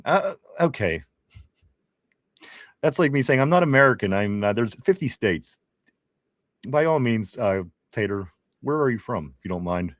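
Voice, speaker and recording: A man co-hosting a live sports stream, reading viewer comments aloud in a casual, joking and animated way. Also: sits low, dry recording, studio quality.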